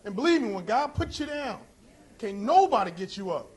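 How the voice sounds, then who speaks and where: Male preacher, very high voice, impassioned delivery that climbs into shouting. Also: very animated. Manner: impassioned, rising to shouts, drawn-out emphasis. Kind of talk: sermon.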